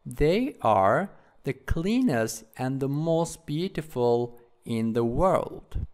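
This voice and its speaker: A man's voice: mid-range voice, big pitch swings, slow pace, a little mellow. A male teacher reading a schoolboy's part in a textbook dialogue, in plain read-aloud style.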